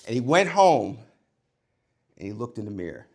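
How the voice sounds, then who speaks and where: A man and former coach giving a motivational talk to young people, emphatic, swinging between loud and hushed delivery. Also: on the high side, wildly swooping pitch, moderate pace, noisy background.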